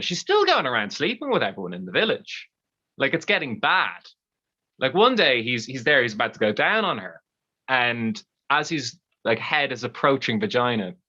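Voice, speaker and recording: An Irish storyteller with a mid-range voice tells a bawdy comic tale in a loose, chatty way. His delivery is bright, forward, lively and conversational, though the livestream audio sounds a little dull.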